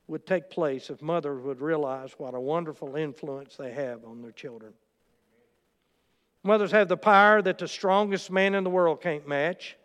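Male preacher, high smooth voice, storytelling sermon delivery, long hall reverb. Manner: storytelling with quotes and asides.

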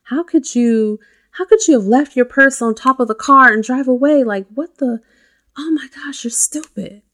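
Woman doing her berating inner critic, gravelly and exasperated. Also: sits high, moderate pace, a bit bright, pitched above the performer's own voice. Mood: scolding. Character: harsh scolding inner critic, adult woman.

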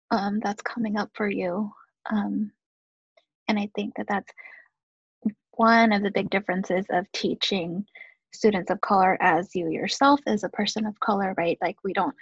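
Thoughtful woman host with a husky voice. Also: medium pitch, dry recording, lo-fi sound. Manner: thoughtful, measured questions. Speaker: podcast host. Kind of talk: interview.

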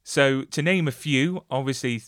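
A man's voice: medium pitch, a little slow, fairly bright tone, no echo, studio quality. A man hosting an interview, chatty and enthusiastic with many fillers. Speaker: interviewer, host. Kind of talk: casual interview.

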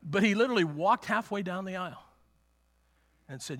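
A pastor preaching a sermon in his church, telling a personal story in a halting way, often repeating words and chuckling. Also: high-pitched, expressive, a bit bright.

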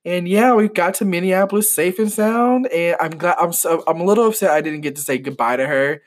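A young man who works as a flight attendant, telling an excitable, rambling story full of restarts and fillers. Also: high-pitched, brisk. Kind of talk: casual storytelling vlog.

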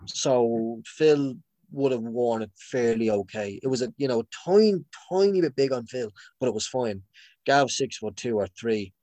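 A man's voice: mid-range voice, animated, a little slow, warm tone, dry recording. Rambling man, dry close sound. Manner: rambling, many restarts and fillers; laughs often. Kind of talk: casual chat.

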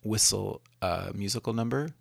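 A man's voice: lowish voice, moderate pace, creaky, a bit bright, slightly rough. A man co-hosting a casual faith podcast, earnest, telling stories and acting out inner thoughts. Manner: earnest, storytelling, acts out inner voices. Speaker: podcast co-host.

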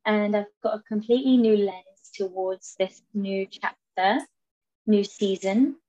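English woman talking in halting bursts. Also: medium pitch, warm tone, muffled recording. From England. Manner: halting, repeats words, acts out quoted lines. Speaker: guest. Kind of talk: reflective conversational interview.

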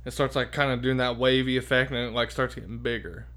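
A man's voice: mid-range voice, level tone, fast, fairly bright tone. A man telling a long story in a casual, rambling way, swearing a lot and saying "dude" and "like" constantly. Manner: rambling, profane, lots of fillers like "dude" and "like".

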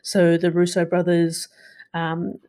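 Woman, podcast co-host, low flat voice, hesitant casual news chat. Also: takes it slowly. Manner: hesitant, many restarts and ums.

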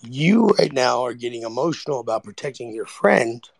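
A man in a heated online group argument, insistent and repetitive, talking over others with a gravelly voice. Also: mid-range voice, animated, moderate pace. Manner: insistent, repeats words, talks over others.

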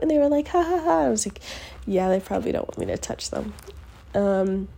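A woman telling a personal story in a casual podcast. Her voice is mellow and dark at a mid pitch. She rambles with lots of fillers and lifts her voice when she acts out what others said. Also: vocal fry. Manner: chatty, lots of fillers, acts out quotes with a raised voice. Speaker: podcast host.

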